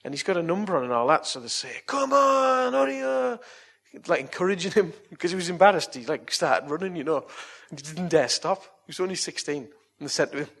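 A man's voice: a little high, fast talker, hardly any pauses, a bit bright, husky. A man preaching, telling stories in a chatty way and coaxing his listeners with earnest appeals. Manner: chatty, anecdotal storytelling. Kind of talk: evangelistic sermon and altar call.

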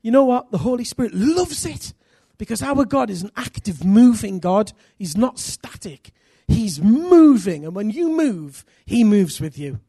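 A middle-aged man from England, preaching a sermon full of personal stories, energetic and self-deprecating with bursts of loud emphasis. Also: sits high, measured pace, hardly any pauses, husky, no echo, studio quality.

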